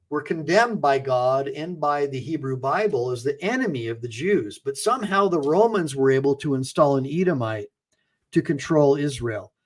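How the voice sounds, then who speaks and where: A middle-aged man delivering a livestream monologue in a slightly raised voice. He talks emphatically and preachily, stumbling and repeating words as he goes. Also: fairly high pitch. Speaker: attorney and channel host.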